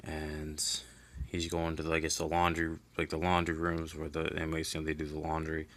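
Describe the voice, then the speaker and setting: A man's voice: rumbling low, completely flat delivery, normal speed, fairly bright tone. A man giving a loose, rambling recap of a comic book in casual chat, full of fillers and restarts, swearing offhandedly.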